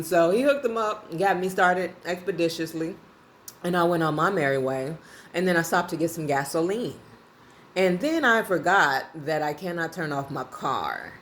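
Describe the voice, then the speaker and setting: A woman vlogger telling a casual story in a lively, colloquial way, often breaking into laughter. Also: fairly low pitch, slight background noise. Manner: animated, laughing, colloquial and conversational.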